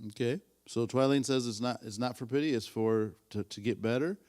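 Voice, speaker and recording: A man's voice: mid-range voice, a little fast, a little mellow. A man in his fifties teaching a Sunday school class in a casual, rambling way, often repeating himself and asking the class questions. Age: 50s.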